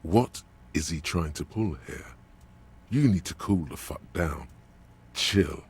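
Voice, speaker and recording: A man voicing a game's inner-voice narrator who mocks the hero with blunt, slow remarks. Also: expressive, a little mellow, breathy edge, heavily acted. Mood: scornful. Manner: deep, slow and taunting. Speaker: game narrator.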